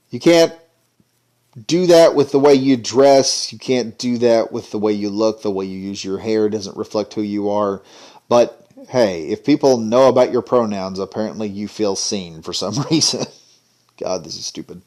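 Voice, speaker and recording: A man's voice: lowish voice, normal speed, a little mellow. A man giving an indignant, sarcastic ranting commentary. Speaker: commentary vlogger.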